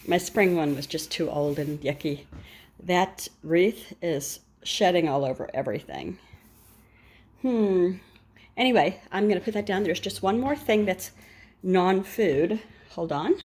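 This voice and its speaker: An older American woman, a grandmother with a lowish, breathy-edged voice, chats casually to camera while showing off her shopping haul. She rambles, adding asides and correcting herself.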